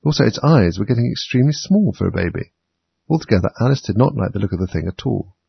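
Low gravelly male storybook narrator. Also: lively intonation, quick pace, highs cut off. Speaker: audiobook narrator. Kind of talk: storybook reading.

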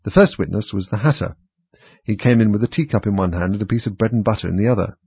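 A man reads a children's story aloud in a steady, measured way. His voice is low and gravelly with a very husky rasp. The recording is dry and a little dull. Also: no echo. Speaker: narrator. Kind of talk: storybook reading.

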